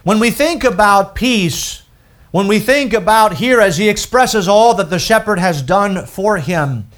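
Guy preaching a sermon, higher voice, takes his time, leans hard on key words and says them twice. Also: lively intonation, a bit bright. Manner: slow, emphatic, repeats key phrases.

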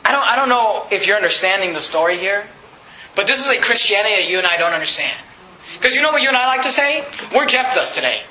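Preacher guy, super bright sharp voice, gets loud and emphatic, echoey room w/ faint hiss. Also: very high-pitched, expressive, fairly quick. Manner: emphatic, builds to shouting. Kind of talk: sermon. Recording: echoey, slightly dull room sound with faint noise.

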